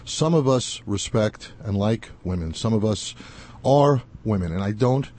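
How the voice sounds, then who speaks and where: A man's voice: fairly low pitch, expressive, measured pace, darkish tone. A male talk show host delivering passionate, emphatic commentary. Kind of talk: opinionated commentary.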